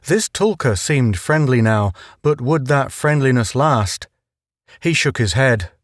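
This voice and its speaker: Slow, measured male audiobook narrator. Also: mid-range voice, no echo, studio quality. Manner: measured, even storytelling. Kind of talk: scripted narration.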